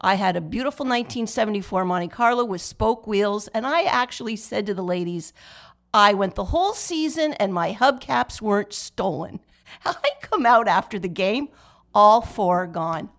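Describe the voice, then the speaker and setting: An older woman telling a chatty, expressive anecdote in casual conversation. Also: mid-range voice, normal speed, creaky.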